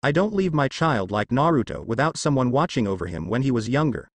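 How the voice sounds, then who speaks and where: A man's voice: medium pitch, very animated, fairly quick, no echo. A man reading as an amused primordial goddess. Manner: giggling, light.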